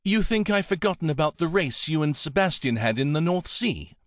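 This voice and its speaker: A man's voice: on the high side, expressive, no echo, studio quality, pitched above the performer's own voice, lightly acted. A man narrating an audiobook voices a small, boastful female dragon king in a raised voice. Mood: teasing. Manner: teasing, quick-witted.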